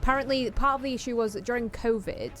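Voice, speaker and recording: A woman's voice: a little high, fast, fairly bright tone, faint music behind. A young woman with a light Yorkshire accent, chatting casually and laughing often as co-host while a game plays. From Yorkshire, England. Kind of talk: casual chat over gameplay.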